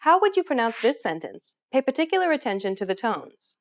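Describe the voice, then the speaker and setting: A woman's voice: a little high, very animated, fairly quick. A woman narrating a scripted language lesson in an upbeat, encouraging way. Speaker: language teacher.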